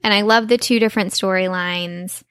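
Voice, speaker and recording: Woman podcast host, mid pitch, chatty and eager, dry close sound. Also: fairly even intonation, normal speed, a bit bright, smooth, no echo. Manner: enthusiastic, chatty, many fillers. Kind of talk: casual chat.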